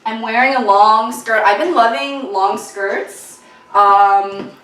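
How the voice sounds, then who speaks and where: A woman's voice: fairly high pitch, takes it slowly, a bit bright, a little hiss or hum. Chatty young woman vlogging, roomy echo. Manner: chatty, self-mocking, lots of "like". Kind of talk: casual vlog chat to camera. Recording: echoey room.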